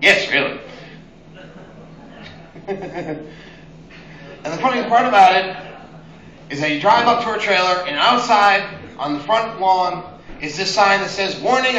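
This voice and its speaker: A man's voice: sits high, expressive, a little slow, long pauses, bright, forceful tone, roomy sound, lo-fi sound. A young man doing open mic stand-up, telling crude, exasperated stories full of swearing. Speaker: stand-up comedian.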